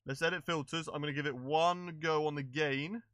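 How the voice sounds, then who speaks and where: Male streamer, bright edge, dry close mic, casual live-stream chatter. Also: fairly high pitch, steady tone, moderate pace, no echo. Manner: chatty, fiddling with settings, checking with chat. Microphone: desk microphone.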